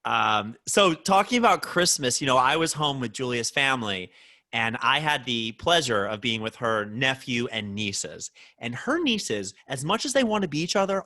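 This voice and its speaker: A man's voice: medium pitch, normal speed. A young man co-hosting a podcast, telling stories in casual chat and acting out the quotes as he goes. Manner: animated storytelling with acted-out quotes. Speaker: podcast co-host.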